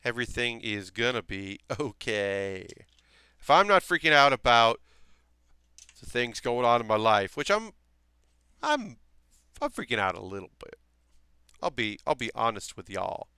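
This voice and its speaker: A young man from South Carolina talks casually while he builds a model kit on a live stream, reassuring his viewers and thinking out loud. His voice is bright and very clear, caught close and dry on a desk mic. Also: mid-range voice, very animated, normal speed, pauses often, no room sound. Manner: chatty, reassuring, thinks aloud with restarts.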